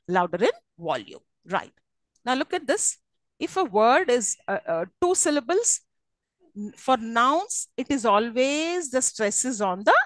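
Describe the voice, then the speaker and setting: Female lecturer; high pitch, dry recording, patient step-by-step explanations. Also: dry recording, rough recording. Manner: explains step by step, often checks "okay?". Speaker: English lecturer. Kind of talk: live classroom lecture.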